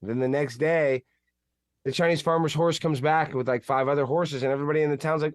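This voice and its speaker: Animated, rambling man in talk-radio banter. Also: medium pitch, fast talker, dry recording, clean studio sound.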